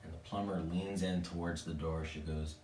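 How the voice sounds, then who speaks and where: A man with a deep, low voice tells a spooky story in a casual, playful way, tossing asides to his listeners. His voice rings in a roomy space, picked up from a distance. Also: fairly even intonation, normal speed, darkish tone, slight background noise. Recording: echoey room, mic at a distance.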